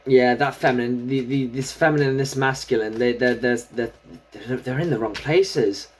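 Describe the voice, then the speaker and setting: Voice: mid-range voice, fairly even intonation, normal speed, a little hiss or hum. A tarot reader giving a casual solo reading, chatting and thinking aloud while drawing cards.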